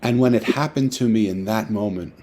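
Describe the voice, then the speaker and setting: A man, an author, telling a personal story in a lively way and acting out the dialogue, over a video call. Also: on the low side, brisk. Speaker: author guest. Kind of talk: storytelling talk.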